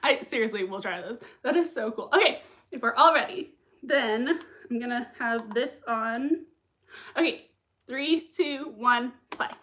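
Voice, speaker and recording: Bubbly high-voiced young woman. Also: normal speed, fairly bright tone. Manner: bubbly and giggly, reading chat comments aloud. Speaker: livestream host reacting to a TV episode. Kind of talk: casual livestream chat. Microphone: desk mic with earbuds.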